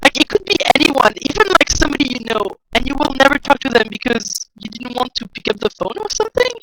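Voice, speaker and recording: A woman's voice: high voice, big pitch swings, fast, noisy background. A young woman from France telling rambling, self-deprecating stories on a livestream, acting out both sides of each conversation. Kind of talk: casual storytelling to a live chat.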